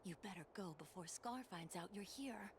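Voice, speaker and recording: A woman voicing a young lioness in a video game, earnest and apologetic, heard through game audio with clear noise behind. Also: mid-range voice, lively intonation, moderate pace, lightly acted.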